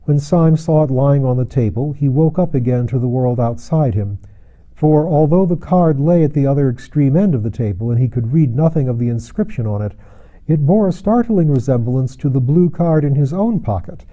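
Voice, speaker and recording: A man reading a novel aloud as a narrator, measured and steady, acting out the dialogue. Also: mid-range voice, dull audio. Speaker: audiobook narrator. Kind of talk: scripted narration.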